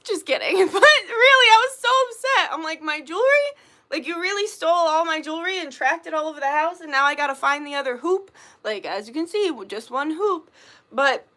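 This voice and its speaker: Bright-voiced woman venting, profane and rambling. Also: a little high. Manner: rambling, profane, filler-heavy talk. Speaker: vlogger and small business owner. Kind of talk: candid casual vlog monologue.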